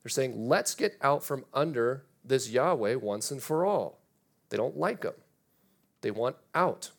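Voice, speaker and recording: Pastor, male, mid-range voice; preaches with animated emphasis, reads passages aloud. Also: mid-range voice, measured pace, creaky. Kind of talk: sermon.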